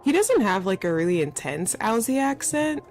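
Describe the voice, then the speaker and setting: A woman's voice: medium pitch, very animated, normal speed, a little mellow. A woman streamer chatting casually while playing, often laughing and poking fun at herself. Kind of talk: casual let's-play commentary. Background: faint background music.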